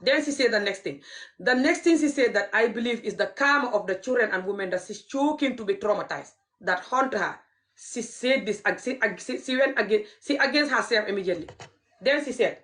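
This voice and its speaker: A woman's voice: on the high side, lively intonation, brisk, a bit bright. A woman talking straight to her viewers in an impassioned commentary vlog. She mixes English with her local language, repeats phrases and keeps urging people to share. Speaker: video commentator.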